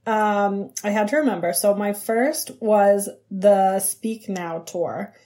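A woman's voice: medium pitch, slow, dark tone. Chatty young woman guest on a podcast. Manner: chatty, rambling with fillers and laughs. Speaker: podcast guest, writer and comedian. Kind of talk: casual interview chat.

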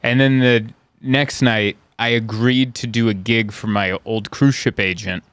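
A man's voice: measured pace, clean tone, no room sound. Dry-sounding man telling road stories. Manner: animated, acts out characters in high voices. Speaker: stand-up comedian, podcast host. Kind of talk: casual storytelling chat.

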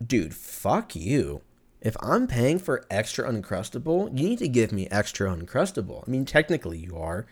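A young man hosting a podcast, ranting casually with profanity, jokes and frequent laughter. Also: medium pitch. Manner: profane, joking, animated, laughs often. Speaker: podcast host. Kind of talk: casual solo podcast rant.

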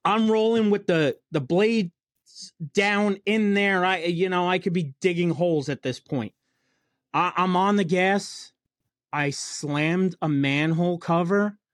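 High-pitched man swapping work stories. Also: a little slow, dry recording, clean studio sound. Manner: profane, storytelling, blue-collar banter. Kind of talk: casual chat.

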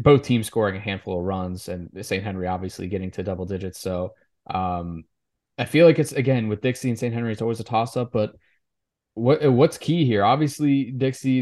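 A man co-hosting a high school sports podcast, chatting casually and often restarting his sentences. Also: dark tone. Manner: halting, with many restarts and repeated words.

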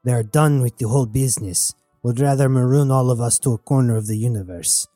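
A man's voice: mid-range voice, brisk, dark tone, dry recording, soft background music, natural voice. A man voicing a breezy, confident female crew member in a radio drama, talking casually over a comm channel.

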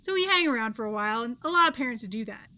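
A woman's voice: a little high, lively intonation, very fast, pushed and bright. A woman in her thirties co-hosting a podcast, chatting casually with lots of fillers and a wry tone. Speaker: podcast co-host. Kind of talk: casual chat.

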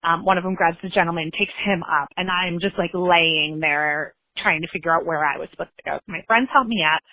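Casting: young adult woman, animated caller storytelling, dry, phone-line sound. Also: lowish voice, a little fast, no echo. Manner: animated, acts out quoted voices. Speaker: caller leaving a voicemail. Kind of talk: casual storytelling.

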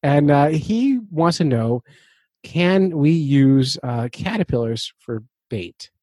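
Chatty, husky-voiced male podcast host. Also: fairly high pitch, slow pace, no echo. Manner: laughs often, chatty and animated storyteller. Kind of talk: casual podcast chat.

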